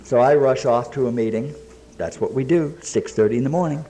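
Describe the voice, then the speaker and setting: A man tells his own recovery story to a live audience at a meeting, speaking plainly with quoted dialogue and dry jokes. His voice is mid-range and dark, a little fast, and slight background noise fills the room.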